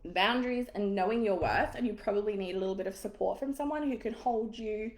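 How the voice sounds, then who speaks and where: A woman leads a live online masterclass for business owners, coaching them in a casual, frank, encouraging manner with occasional swearing. Her middling-pitched voice is a little fast and carries a roomy echo along with slight hiss or hum.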